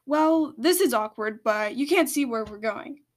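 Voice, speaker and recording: A defiant male dragon, exiled and scheming, who argues back hard, as a woman reads him aloud. The voice sits high in pitch. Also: expressive, measured pace. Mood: cold.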